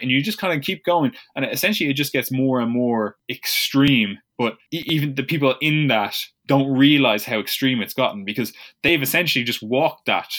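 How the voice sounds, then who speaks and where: A man's voice: medium pitch, normal speed, hardly any pauses, fairly bright tone. A man in casual podcast chat, rambling and swearing, slipping into sarcastic voices to mimic people.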